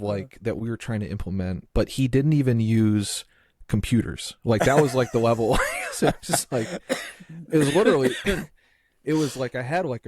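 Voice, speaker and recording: This man's podcast talk wanders, full of "like" and abandoned sentences he starts over. He has a medium-pitched, darkish voice, captured cleanly in the studio without echo.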